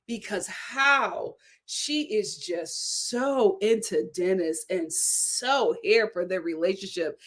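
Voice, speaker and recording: A woman giving sassy, animated commentary on a reality show, laughing at her own jokes. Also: medium pitch. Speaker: reality TV reviewer. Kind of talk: casual commentary.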